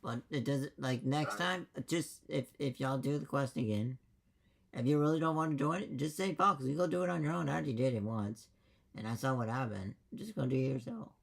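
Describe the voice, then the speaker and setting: Man, gravelly, dungeon master, rambling and emphatic, swears freely. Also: medium pitch, fairly quick. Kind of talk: casual post-game chat.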